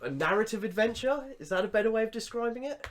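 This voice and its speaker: A man's voice: high-pitched, lively intonation, fast, over a noisy crowd. Guy on a podcast, acts out his reactions, chatty. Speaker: podcast co-host. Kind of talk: casual chat.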